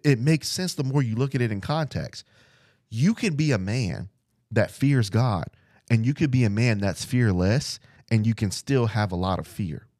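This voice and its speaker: A man's voice: lowish voice, darkish tone, dry recording, studio quality. A man hosting a podcast, teaching the Bible verse by verse in an earnest, conversational way, often asking rhetorical questions and repeating words.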